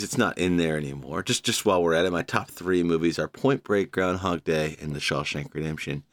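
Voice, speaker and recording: A man in his thirties with a deep, low voice, talking on his own podcast. He rambles through his thoughts with self-deprecating jokes and asides. The sound is close and dry, with no room around it. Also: dry recording. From Savannah, Georgia. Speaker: podcast host. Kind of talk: casual solo podcast talk.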